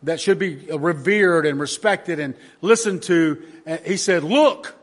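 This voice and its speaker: High-voiced pastor preaching. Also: male voice, measured pace. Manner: earnest, emphatic preaching with repeated restarts. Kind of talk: sermon.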